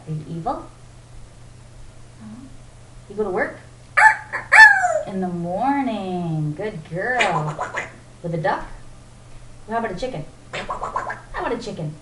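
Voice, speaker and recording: Lady cooing at her parrot, slow sing-song baby talk, far off on a home camera, echoey, loads of noise. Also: medium pitch. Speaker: pet owner. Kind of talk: home video talking to a pet parrot. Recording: roomy, distant home-camera sound with loud noise.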